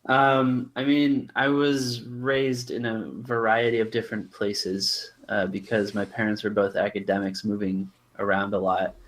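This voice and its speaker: A man with a Californian accent, a podcast guest who explains his points at length in a measured, casual way. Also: on the low side, level tone, fairly bright tone. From Arizona and California, USA.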